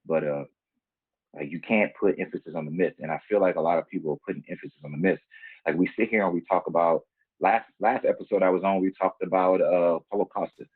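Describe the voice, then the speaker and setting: A man speaks in a very deep, husky voice, earnest and grounded in his own experience. The sound is dry and tinny, as if it comes through a phone line. He talks as a fighter guest in a casual podcast chat. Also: fairly even intonation, fast talker, no echo.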